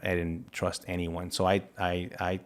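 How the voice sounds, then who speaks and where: Deep, flat-voiced man recounting an ordeal. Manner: earnest, halting retelling with restarts and quoted dialogue. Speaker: interview guest, federal agent. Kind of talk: personal account in an interview.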